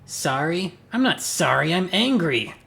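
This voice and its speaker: A man voicing a short-tempered small woman police officer who snaps in loud outbursts while reading a game aloud. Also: medium pitch, unhurried, natural voice. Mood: angry.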